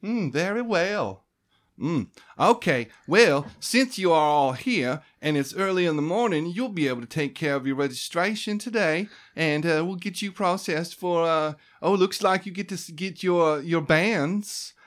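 A woman's voice: fairly low pitch, animated, a little slow, pitched above the performer's own voice. A man voicing a friendly but condescending human woman clerk in a tabletop game, polite and chirpy with hesitant fillers. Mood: businesslike. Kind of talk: tabletop role-play character voice.

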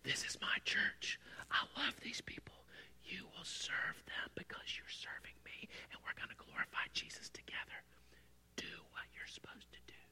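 A man voicing the Holy Spirit in a hushed, firm whispered role-play within a sermon. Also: moderate pace. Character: Holy Spirit, gentle firm unseen divine voice.

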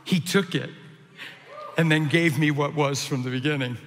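A man preaching his testimony, moving between hushed and shouted lines with dramatic energy. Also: on the high side, fairly even intonation, moderate pace, big-room sound, slight background noise. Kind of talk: testimony sermon.

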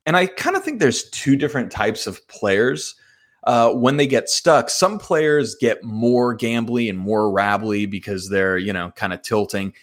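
A man hosting a solo podcast, walking through a hand he played with animated, self-mocking storytelling. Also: medium pitch, measured pace. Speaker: podcast host.

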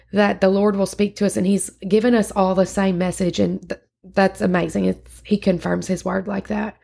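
Woman host, casual sermon recap, chatty, vocal fry throughout. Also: medium pitch, a little mellow. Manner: chatty and earnest, with frequent fillers and restarts. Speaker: podcast host.

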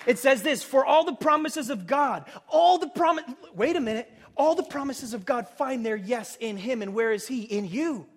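A male pastor preaching a sermon, animated, with many rhetorical questions and sudden swings from loud bursts to hushed asides. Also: extremely high pitch, moderate pace, hardly any pauses.

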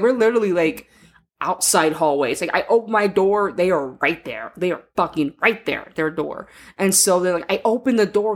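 A woman's voice: medium pitch, breathy edge. A woman co-hosting a podcast in casual chat, telling stories with heavy swearing and acting out what people said. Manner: animated storytelling, heavy swearing, acts out quotes. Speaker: podcast co-host.

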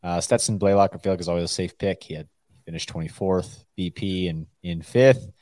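A man's voice: low-pitched, fairly quick, a little mellow, no echo. A man in a casual fishing chat, telling an easygoing story about getting pulled over. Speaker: show regular.

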